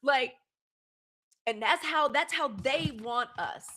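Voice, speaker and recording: A woman in her forties hosting a livestream, talking candidly and emphatically straight to her audience, shouting out viewers by name and swearing, then apologizing for it. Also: high-pitched, slow pace, slight background noise. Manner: greets viewers by name and thanks them for gifts. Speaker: host. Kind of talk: solo livestream commentary.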